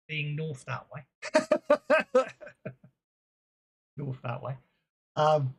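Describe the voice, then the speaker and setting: A game master running an online tabletop game, chatting with fillers and muttering while fixing the software. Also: medium pitch, big pitch swings, drawn-out words, long pauses, breathy edge.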